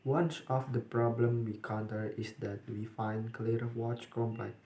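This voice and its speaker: A young man, a student, reading a class presentation in a careful, flat way with small restarts. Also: mid-range voice, measured pace. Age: young adult. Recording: echoey room.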